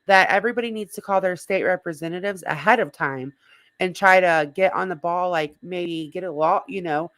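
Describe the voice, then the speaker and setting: A slightly hoarse woman hosting a casual livestream, rambling and greeting viewers in the chat by name. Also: on the low side, moderate pace, fairly bright tone, no room sound. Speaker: livestream host.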